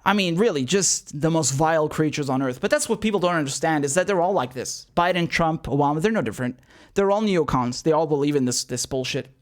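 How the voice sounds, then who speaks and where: A young man hosting a casual political commentary show. He talks in an animated, sarcastic way, laughs often and repeats himself. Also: fairly high pitch, a little fast.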